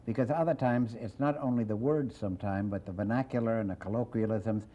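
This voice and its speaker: An older man, a comedian guest, chatting in an interview as a quick, wisecracking storyteller. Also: on the low side. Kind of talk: casual interview chat with joke-telling. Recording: dull lo-fi old TV recording.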